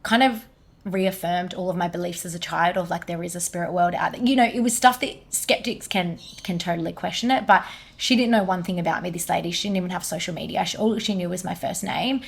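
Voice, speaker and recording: A woman, a guest energy healer, telling a personal story in animated casual conversation with lots of "like". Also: on the low side, a little fast, vocal fry, husky. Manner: animated, many fillers like "like".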